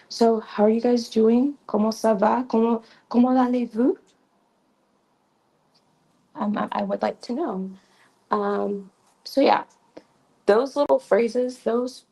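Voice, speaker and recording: A woman from a Creole background hosts a casual livestream teaching basic French, her medium-pitched voice gravelly, mellow and a bit breathy. She's chatty and repetitive, with many ums and restarts, and her new mic sounds fuzzy, making the recording rough.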